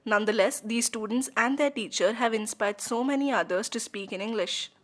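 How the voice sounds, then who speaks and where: A woman's voice: fairly high pitch, fairly quick. Woman reading news narration. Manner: even, read aloud. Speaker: reporter.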